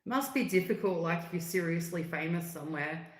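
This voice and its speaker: A woman, chatting in a rambling, relaxed way on a livestream, full of fillers and asides. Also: on the low side, fairly quick. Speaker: livestream host. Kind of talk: casual livestream chat. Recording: echoey room.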